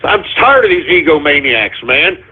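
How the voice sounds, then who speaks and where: Male talk-radio host, sarcastic agitated ranter, husky voice, phone-quality audio. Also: a little high, big pitch swings, normal speed. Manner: agitated, sarcastic, swearing rants. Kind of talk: ranting talk radio monologue.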